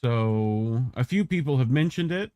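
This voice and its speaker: A man's voice: mid-range voice, lively intonation, measured pace, dark tone, dry recording. Joking man with a dry, close voice. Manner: loose, joking, profane banter. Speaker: show host reacting to clips. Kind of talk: casual commentary.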